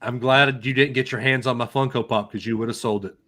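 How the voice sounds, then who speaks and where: Bright, forceful chatty male co-host. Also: medium pitch, steady tone. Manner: chatty, laughs often, quick reactions. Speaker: podcast co-host. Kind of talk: casual chat.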